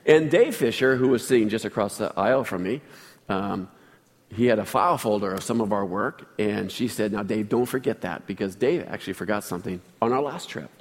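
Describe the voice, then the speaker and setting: A man's voice: fairly low pitch, brisk, in a large hall. A man preaching a sermon as pastor, telling a personal story in a chatty way and asking the congregation questions.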